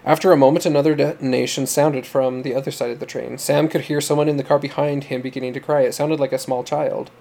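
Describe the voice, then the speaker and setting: A man narrating a story in a steady, measured reading for an audiobook podcast. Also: medium pitch, creaky.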